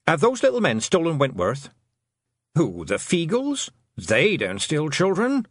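A man's voice: a little high, huge pitch swings, measured pace, breathy edge, no echo, clean studio sound, voice pushed up, exaggerated voice. A man doing a glum, hesitant talking toad. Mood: mournful, cautious. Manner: hesitant, mournful, with ums.

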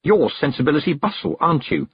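A man's voice: on the high side, very animated, fast talker, breathy edge, no room sound, pitched above the performer's own voice, heavily acted. A man reading aloud, voicing an earnest, sensible young witch girl in a raised, hesitant voice. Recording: dull, dry close recording.

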